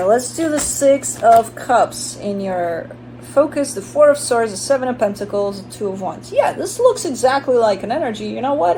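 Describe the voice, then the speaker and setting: A woman talks through a tarot spread in a loose, chatty way, blunt and unafraid to swear. Her voice is warm and mellow rather than bright. A faint hiss sits under the recording. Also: fairly high pitch, poor audio. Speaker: tarot reader. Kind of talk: casual tarot reading monologue.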